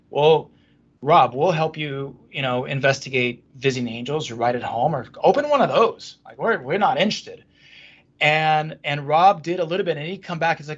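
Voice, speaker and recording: Joining a casual podcast interview by video call, this franchise executive talks from a standing desk in his home office. His voice is on the high side and moderately paced, and he is animated and rambling, full of fillers and restarts. The sound is lo-fi.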